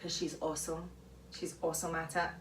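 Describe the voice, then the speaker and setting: A woman vlogger talking through advice in a chatty, animated way, often laughing, recorded at home. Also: deep voice, a little fast, very noisy. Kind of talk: casual advice talk. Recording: echoey room, mic far off.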